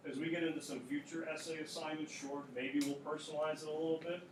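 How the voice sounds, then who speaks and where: Patient male English teacher, slightly high voice. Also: flat delivery, quick pace, noisy background. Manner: patient, repeats key points to students. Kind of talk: classroom instruction. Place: classroom.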